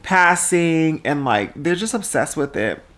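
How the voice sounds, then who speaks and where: A transgender woman vlogging casually at home into a small microphone, chatty and animated, with a habit of talking loudly. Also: low voice, measured pace. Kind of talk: casual vlog chat. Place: indoors at home. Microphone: small microphone on a handheld tripod.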